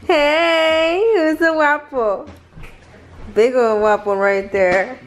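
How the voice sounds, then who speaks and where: High-voiced mom doing slow baby talk. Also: female voice, fairly even intonation. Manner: sing-song baby talk to her toddlers; laughs often while talking. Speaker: mother filming her children. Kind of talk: casual family vlog.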